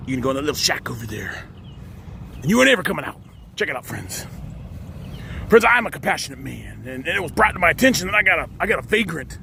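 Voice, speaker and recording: A gravelly, bright-toned man talks to his camera outdoors in a folksy, preachy manner, his pitch swinging up and down in a lively way. A faint hum of open air sits behind him. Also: fast talker. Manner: folksy, says "friends" constantly. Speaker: vlogger. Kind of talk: outdoor character vlog. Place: outdoors at a cemetery.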